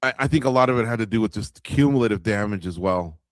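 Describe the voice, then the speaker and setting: Here a fast-talking man with a lowish voice hosts a fight-night watch-along like a radio show. He analyzes the action casually, talks right to his viewers and leans on lots of filler words. There's no echo, and the sound is studio quality.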